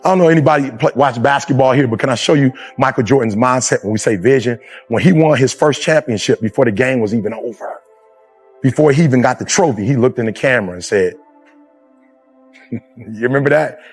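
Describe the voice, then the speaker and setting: Husky-voiced male motivational speaker. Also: brisk, soft background music. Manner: preacher-style delivery, swinging from low murmurs to shouts. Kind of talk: motivational speech.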